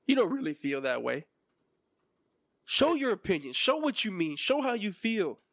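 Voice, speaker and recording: A man's voice: high-pitched, sing-song, moderate pace, a bit bright, dry recording, clean studio sound. A man in his twenties hosting a solo podcast and ranting with passion and emphasis. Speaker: podcast host.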